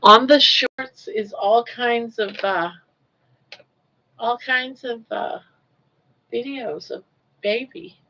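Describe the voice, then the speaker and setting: An older woman from Southern Maine hosting a casual livestream chat from her home office, cooing softly to her pet between talking with viewers. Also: fairly high pitch, slow, long pauses, highs cut off, slight background noise. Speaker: livestream host.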